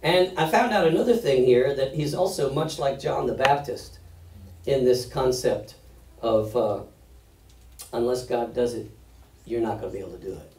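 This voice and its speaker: A man preaching a sermon, reading scripture aloud, getting loud on quoted lines and laughing at his own reading slips. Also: mid-range voice, moderate pace. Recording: echoey room, mic at a distance.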